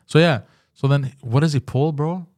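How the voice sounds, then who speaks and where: A man's voice: a little high, moderate pace, no room sound. A man hosting a podcast who tells stories in casual chat, swearing and acting out both sides of the conversation. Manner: animated, profane, acts out both sides of the story. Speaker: podcast host.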